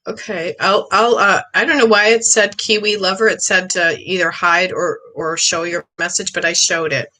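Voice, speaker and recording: A middle-aged woman hosting a live psychic reading stream, chatty and rambling, excitable, often clearing her throat. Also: on the low side, normal speed, few pauses, poor audio. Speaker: psychic medium host.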